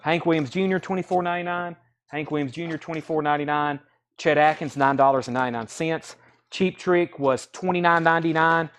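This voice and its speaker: A man's voice: fairly high pitch, fairly bright tone, a little hiss or hum. Man rattling off records and prices. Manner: rapid-fire listing of titles and prices. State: out of breath. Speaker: record seller hosting a live sale. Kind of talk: live auction patter.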